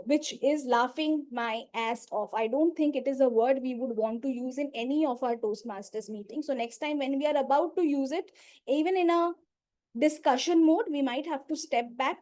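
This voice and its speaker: A woman in the grammarian role giving a measured, instructive report at a speaking club meeting over a video call. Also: high-pitched, mellow. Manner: measured, instructive, pauses between items.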